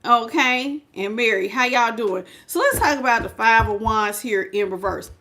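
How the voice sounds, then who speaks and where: A woman's voice: a little high, normal speed, sharp tone, slight background noise. A woman giving a casual live-stream tarot reading, chatty and frank, greeting viewers by name. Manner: frank and familiar, calls viewers y'all, child and baby.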